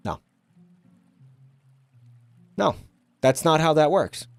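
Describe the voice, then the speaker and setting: A man's voice: fairly high pitch, sing-song, drawn-out words, creaky, smooth, dry recording, faint music behind. A man streaming and ranting at his chat, exasperated and swearing often. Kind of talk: casual stream rant.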